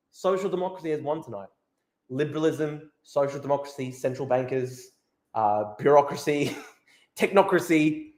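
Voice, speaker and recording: Male streamer, profane, gloating, fairly high voice, echoey room sound. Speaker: political streamer. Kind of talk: live-stream political rant.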